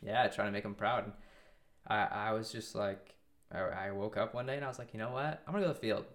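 In a casual interview, a guest in his twenties with a fairly low but fairly bright voice talks at a quick pace. His long story meanders, with lots of restarts and quoted dialogue.

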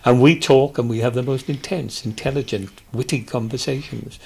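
Welsh Valleys man, husky, animated storyteller with restarts. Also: mid-range voice, moderate pace. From Wales. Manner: animated storyteller, hesitant restarts, does voices. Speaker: guest. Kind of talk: casual chat.

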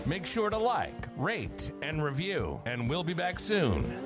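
Upbeat male announcer over loud music. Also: fairly high pitch, huge pitch swings, slow pace. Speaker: show announcer. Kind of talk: scripted podcast outro.

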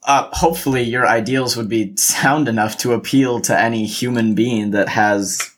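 A man's voice: mid-range voice, fairly even intonation. Joking young man on a podcast. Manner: joking, quick to laugh. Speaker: podcast co-host. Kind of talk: casual podcast chat.

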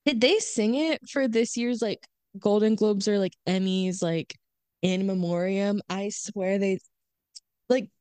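Smooth-voiced woman podcast co-host. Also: medium pitch, unhurried, no room sound. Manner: animated, acts out quoted lines. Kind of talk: casual chat.

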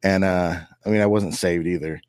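A man's voice: low voice, steady tone, moderate pace, darkish tone, clear, resonant tone, dry recording. A man co-hosting a casual podcast chat, rambling and stacking "like" fillers, turning preachy at times. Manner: rambling, heavy use of "like" fillers. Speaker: podcast co-host.

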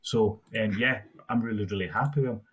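A man's voice: lowish voice, brisk, fairly bright tone, slightly rough. A man co-hosting a casual gaming podcast, rambling through player stats with frequent restarts. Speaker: podcast co-host.

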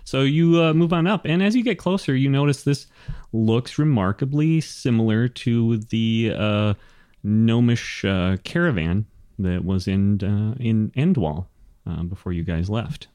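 Slow, halting game master man. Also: fairly low pitch, darkish tone, dry recording, clean studio sound. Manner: halting, full of fillers. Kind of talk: narrating a tabletop game.

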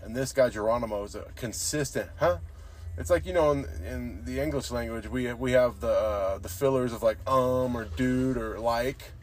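A man's voice: mid-range voice, moderate pace, hardly any pauses. A young man hosting a podcast, telling rambling, profane stories and saying "dude" constantly. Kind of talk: casual storytelling chat.

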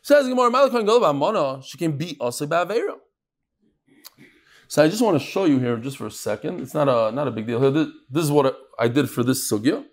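Man, high voice, very lively pitch, Talmud class lecture, rhetorical questions, restarts. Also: fast talker. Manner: animated, fires rhetorical questions, frequent restarts. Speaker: Talmud teacher.

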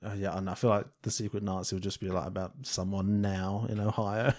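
A man's voice: deep voice, flat delivery, fairly quick, darkish tone. Man, podcast co-host, loose rambling film chat, laughs a lot. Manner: rambling, filler-heavy, laughs often. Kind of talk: casual film discussion chat.

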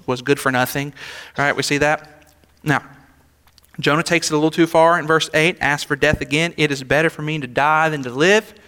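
A man's voice: fairly high pitch, bright, forceful tone. A young adult man, a senior pastor, preaching a sermon in a conversational, emphatic way with rhetorical asides. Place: church sanctuary. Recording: long hall reverb of a church sanctuary.

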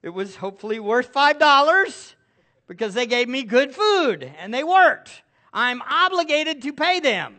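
Middle-aged pastor guy preaching, bright voice, keeps asking the crowd questions. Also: very high-pitched, a little slow. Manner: animated preaching with rhetorical questions. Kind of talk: sermon.

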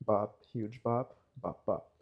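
A man's voice: fairly low pitch, takes it slowly, slightly rough, narrow, tinny audio. A man appearing as a podcast guest, talking about weddings in an easygoing, jokey way. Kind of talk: casual podcast chat.

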